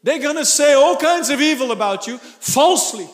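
Male pastor, high voice, lively sermon delivery, bursts of laughter and shouts, echoing church hall. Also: moderate pace. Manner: animated, laughing and shouting for emphasis.

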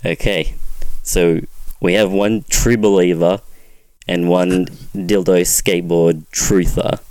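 A man's voice: sits low, fairly even intonation, slow, darkish tone, low-quality recording. A man guesting on a casual podcast, making dry, wry remarks. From Australia.

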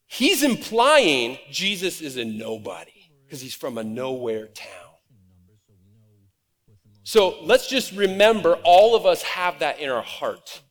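Animated pastor preaching in a reverberant hall. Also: male voice, high-pitched. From Nebraska, USA. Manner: conversational and animated, acts out quoted voices. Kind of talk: sermon. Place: church auditorium.

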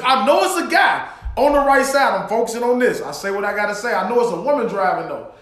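A man co-hosting a podcast, telling a story in casual chat, animated and profane, acting out quotes with shouted outbursts. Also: extremely high pitch, moderate pace, echoey room. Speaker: podcast co-host.

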